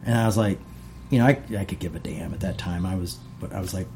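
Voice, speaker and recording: A man's voice: deep voice, quick pace, a little mellow. A middle-aged man hosting a casual talk, reading passages aloud and paraphrasing them with many asides.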